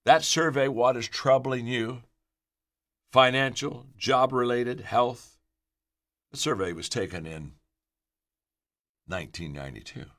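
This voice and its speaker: An older man giving a motivational leadership talk, energetic and emphatic, telling stories and often repeating words as he gets going. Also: medium pitch, measured pace, long pauses. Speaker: leadership speaker.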